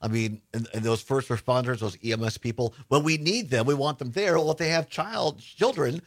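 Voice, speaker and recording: A man's voice: mid-range voice, fairly quick. A man hosting a political talk radio show, interviewing guests in a conversational, indignant manner.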